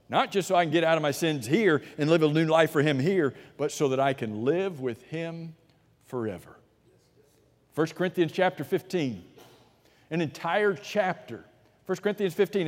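Emphatic preacher man in a reverberant hall. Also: on the high side. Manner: emphatic, swings between loud and hushed; asks and answers his own rhetorical questions. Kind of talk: sermon.

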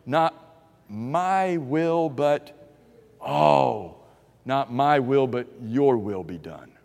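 A man's voice: medium pitch, expressive, extremely slow, vocal fry, a little mellow. Preacher man in a reverberant hall. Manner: questioning, emphatic, acts out doubters' voices. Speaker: pastor. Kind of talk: sermon.

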